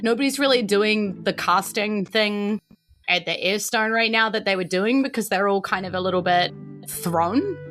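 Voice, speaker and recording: A woman's voice: mid-range voice, moderate pace, fairly bright tone, faint music behind. A woman with a New Zealand accent narrating as game master in a loose, rambling way. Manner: loose and rambling, with many fillers.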